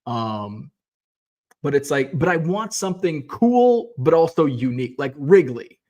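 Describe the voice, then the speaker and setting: A man's voice: a little high, unhurried. Rambling man chatting with his viewers. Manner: relaxed, rambling, many fillers and restarts. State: yawning, tired. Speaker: card-collecting livestream host. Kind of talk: casual chat reading viewer comments.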